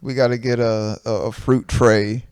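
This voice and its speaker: A man with a Southern American accent co-hosting a comedy podcast, relaxed and joking, laughing a lot and acting out quotes. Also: mid-range voice, normal speed, smooth, dry recording. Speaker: podcast co-host. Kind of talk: casual chat.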